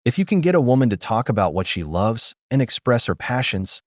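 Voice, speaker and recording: A man's voice: mid-range voice, big pitch swings, a little fast, dry recording, clean studio sound. A man hosting reaction commentary, blunt and judgmental as he weighs in on clips. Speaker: commentary host.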